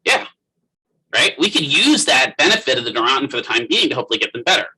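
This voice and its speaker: A man's voice: medium pitch, big pitch swings, fast talker, bright, forceful tone, slightly rough, low-quality recording. A middle-aged man teaching a physical therapy class in a conversational lecture, often putting questions to students by name. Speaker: physical therapist assistant instructor.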